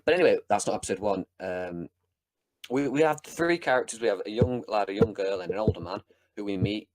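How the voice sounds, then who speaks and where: A man co-hosting a casual podcast review, talking bluntly and swearing freely, sometimes acting out scenes in quick voices. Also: lowish voice, a loud crowd. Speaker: podcast co-host. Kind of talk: casual chat, episode review.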